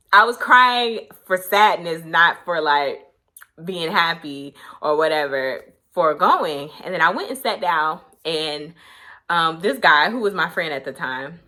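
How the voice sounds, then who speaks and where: A young woman with a low-pitched yet bright, forceful voice shares a personal story straight to camera. She talks candidly and casually, with plenty of "like" and "um", and the retelling stays full of feeling. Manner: candid, conversational, filler-heavy, emotional retelling. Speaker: vlogger.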